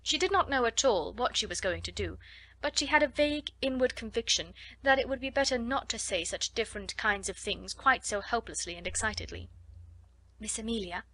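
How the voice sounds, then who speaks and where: A woman reading a classic children's novel aloud as an audiobook narrator, steady and clear. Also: a little high, brisk. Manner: steady storytelling. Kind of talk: scripted narration.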